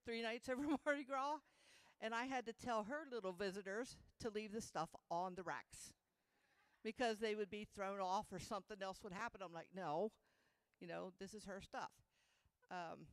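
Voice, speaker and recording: A woman's voice: medium pitch, smooth, dry recording. A woman telling a ghost story live to a bar crowd, earnest and laughing between phrases. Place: indoor bar.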